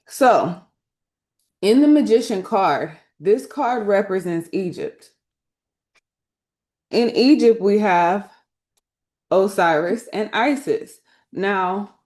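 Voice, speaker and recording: Low-voiced woman teaching casually. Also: a little mellow. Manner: conversational and emphatic, often checking in with "okay?"; colloquial, slangy phrasing. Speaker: spiritual teacher reading tarot.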